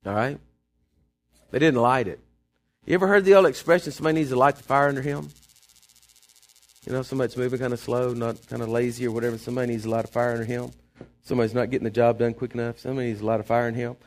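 A man preaching a sermon in a folksy, conversational way, with asides to the congregation, swinging between quiet asides and emphatic bursts. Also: medium pitch, steady tone, racing, long pauses. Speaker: pastor.

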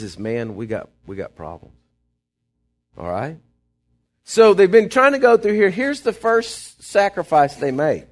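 A man preaching a sermon in a folksy, conversational way, with asides to the congregation, swinging between quiet asides and emphatic bursts. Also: mid-range voice. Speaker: pastor.

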